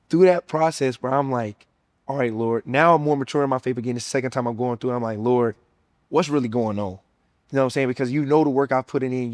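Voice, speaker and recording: A man's voice: medium pitch, no echo, clean studio sound. A young man in his twenties, a former college football player, shares his faith testimony in a casual, earnest way, full of "man" and "you know.". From United States.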